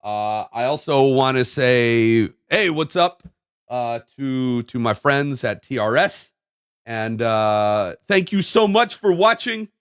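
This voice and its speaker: A man's voice: medium pitch, expressive, slow, clean tone. A man hosting his own video, delivering a heated solo monologue to camera in an emphatic, ranting way with repeated phrases. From United States. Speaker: video host.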